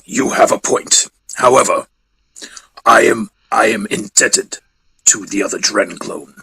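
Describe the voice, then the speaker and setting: A man's voice: lowish voice, a little slow, vocal fry, sharp tone, husky, dry recording, heavily acted, poor audio. A man voicing a proud male alien hunter warrior who speaks formally and tersely.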